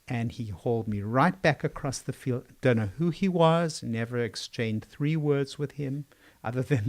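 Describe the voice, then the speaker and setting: A man's voice: mid-range voice, moderate pace, a little mellow. An older man from South Africa with a South African accent, a psychiatrist answering interview questions in a thoughtful, storytelling way. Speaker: psychiatrist guest.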